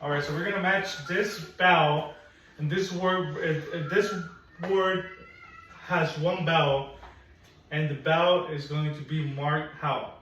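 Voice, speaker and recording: A man teaching phonics one on one, patient and encouraging, slowly repeating sounds for a young learner in a classroom. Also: a little high, steady tone, fairly bright tone, a little hiss or hum. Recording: echoey room, mic at a distance.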